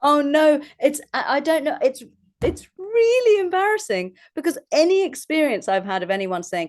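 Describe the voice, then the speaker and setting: A woman's voice: high voice, very animated, moderate pace. A woman, an actress and voice artist chatting as an interview guest, self-deprecating and laughing often as she talks. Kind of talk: casual interview chat.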